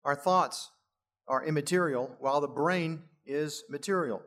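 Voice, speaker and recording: A man's voice: a little high, unhurried, fairly bright tone. A middle-aged male pastor preaching a sermon, lifting his voice for emphasis and adding chuckling asides.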